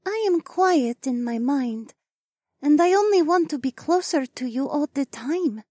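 Man voicing a soft high-pitched young alien woman. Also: lively intonation, no room sound, clean studio sound. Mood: tender.

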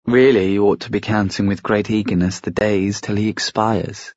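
A sneering werewolf pack leader, read by a man in a storybook, mocking and taunting. The voice sits low and the recording is close and dry. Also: level tone, moderate pace, darkish tone, no echo, dull audio, close to an everyday voice.

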